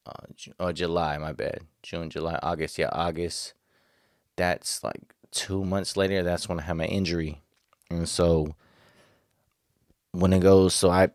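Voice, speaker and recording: A man's voice: darkish tone, no room sound, studio quality. A young man telling a rambling story in casual slang, laughing often and raising his voice when he quotes others. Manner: raises pitch when quoting others. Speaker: vlogger.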